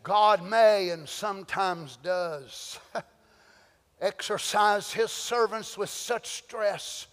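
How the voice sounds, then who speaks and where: A man preaching a sermon, dropping to near whispers and then rising into emphatic shouts. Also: high voice, very slow. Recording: long hall reverb.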